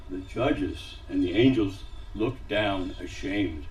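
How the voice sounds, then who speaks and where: A man reading a story aloud at a synagogue service, dramatic, dropping to a hush on quiet lines. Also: low-pitched, unhurried, far from the mic, rough recording. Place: synagogue sanctuary.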